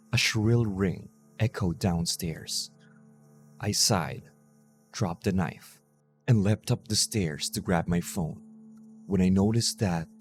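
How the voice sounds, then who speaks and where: A man with a lowish voice reads a horror story aloud in a calm, measured way. It is scripted narration, steady and deliberate. Faint music plays underneath.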